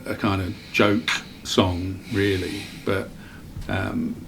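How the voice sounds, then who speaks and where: A man's voice: low voice, little pitch movement, slow pace, creaky, a little hiss or hum. A man with an English accent, co-hosting a radio show and reminiscing thoughtfully and self-deprecatingly. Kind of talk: casual reminiscing chat.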